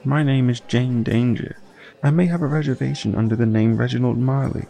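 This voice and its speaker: A man's voice: medium pitch, a little fast, creaky, warm tone, lightly acted. A man voicing a guarded young woman detective who speaks in terse, wary lines.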